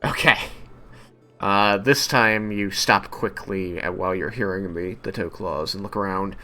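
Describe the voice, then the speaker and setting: A man's voice: low voice, a little slow, faint music behind. A man narrating as game master of a tabletop game, hesitant with many fillers. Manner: hesitant, filler-heavy, lively storytelling.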